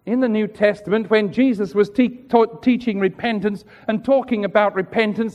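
High-voiced preacher in a reverberant hall. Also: male voice, steady tone, normal speed, few pauses, darkish tone. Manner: earnest, rhetorical, acts out quoted voices. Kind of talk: sermon.

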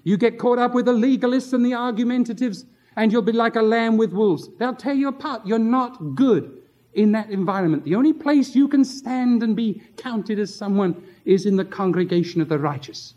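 A man's voice: very high-pitched, moderate pace, darkish tone. A male pastor preaching an impassioned sermon, drawing out words for emphasis. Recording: dull lo-fi sermon tape.

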